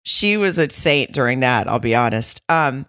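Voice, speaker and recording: A woman's voice: rumbling low, normal speed, dry recording, studio quality. A woman co-hosting a podcast, chatting casually and animatedly about a reality show. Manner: animated, acts out quotes in raised voices, frequent restarts. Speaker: podcast co-host.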